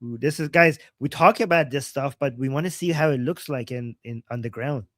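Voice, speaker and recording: A woman's voice: extremely low pitch, brisk, no room sound. A woman co-hosting a livestream, commenting casually and animatedly, often laughing and mimicking voices. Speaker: livestream co-host.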